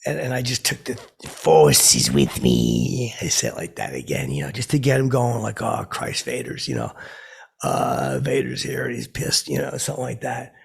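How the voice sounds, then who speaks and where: Casting note: a man playing a washed-up DJ, very gravelly and raspy, rambling and oblivious. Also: mid-range voice, expressive, moderate pace, full character voice. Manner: rambling, self-interrupting, stammering repeats. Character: boastful washed-up male radio DJ, oblivious. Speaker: comedy podcast host playing a character. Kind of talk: rambling comic storytelling.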